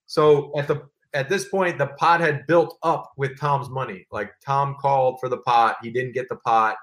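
A man's voice: mid-range voice, normal speed. A man in his thirties, a former pro football player, telling casual stories as a guest, full of fillers and acted-out quotes. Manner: animated, filler-heavy, acts out quotes. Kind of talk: casual storytelling.

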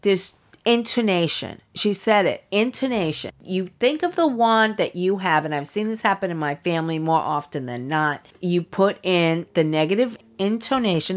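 A middle-aged woman hosting a solo podcast, talking bluntly and emphatically and repeating her points for stress. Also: fairly low pitch. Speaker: podcast host. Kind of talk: opinionated solo podcast talk. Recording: slightly dull lo-fi recording.

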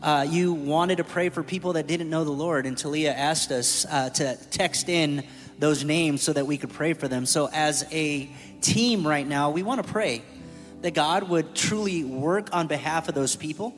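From a church stage, a man on the church staff gives a testimony sermon about his faith, candid and conversational in a slightly high voice at a moderate pace. He tells his story and jokes with the room as his words ring through the large sanctuary's long reverb, soft music playing underneath.

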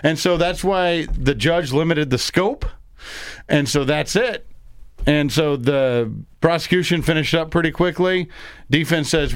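A man hosts a talk radio show with opinionated, joking banter. His voice sits a bit high and comes through a close studio microphone with no room sound at all. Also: unhurried, clear, resonant tone, no echo. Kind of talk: conservative talk radio commentary.

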